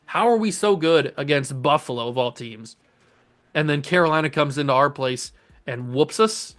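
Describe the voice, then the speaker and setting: A young gaming YouTuber hosts his channel while casually commentating his own play, his voice slightly high and his pace moderate. Excitable and jokey, he talks directly to the players on screen.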